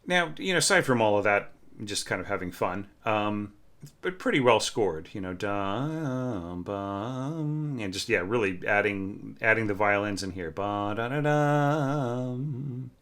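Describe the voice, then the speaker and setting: Bright-toned man humming through score critique. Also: on the low side, normal speed. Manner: thinking aloud with fillers, humming melodies. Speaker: orchestration teacher reviewing scores. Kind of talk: casual spoken score critique.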